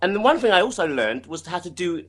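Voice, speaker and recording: A man with a fairly high, bright voice, chatting casually as the guest in an interview. He talks animatedly, with many restarts and repeated words. His tone is forceful and clear. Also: sing-song, quick pace. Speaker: singer being interviewed.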